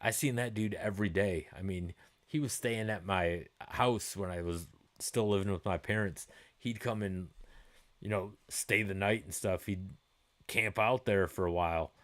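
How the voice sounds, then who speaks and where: Chatty middle-aged man, lowish voice. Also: normal speed, fairly bright tone. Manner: loose and chatty, swears freely, laughs easily. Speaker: livestream host. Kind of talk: casual chat answering viewer comments.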